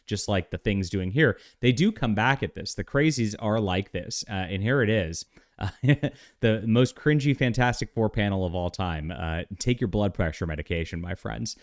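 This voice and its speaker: Man, comic book vlog host, sarcastic, animated, somewhat low voice. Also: moderate pace. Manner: animated, sarcastic, laughing often. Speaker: vlogger and comic book author.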